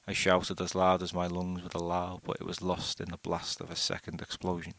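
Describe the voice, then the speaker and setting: A man reading a first-person short story aloud in a steady, unhurried way. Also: sits low, gravelly. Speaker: audiobook narrator.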